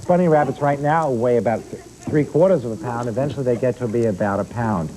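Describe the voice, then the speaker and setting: Appearing on a children's TV show as a pet expert, a man talks at a quick pace in a medium-pitched voice, explaining animals and questioning the kids in the studio. Crowd noise and a rough recording surround him.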